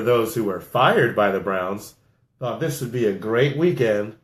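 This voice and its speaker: A man's voice: lowish voice, echoey room. A man co-hosting a casual sports talk show, joking and laughing often. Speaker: podcast co-host.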